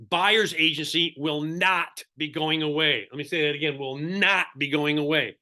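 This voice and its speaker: A man's voice: high-pitched, sharp tone. Emphatic man giving a punchy real estate lesson. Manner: emphatic, repeats key points; speaks in short punchy phrases. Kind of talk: seminar-style lecture.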